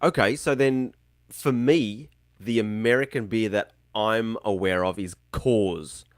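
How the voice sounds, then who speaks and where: A man's voice: fairly low pitch, takes it slowly, no echo. A man from Australia with a broad Australian accent, a guest on a podcast, chatting casually in a laid-back, joking way. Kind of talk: casual chat.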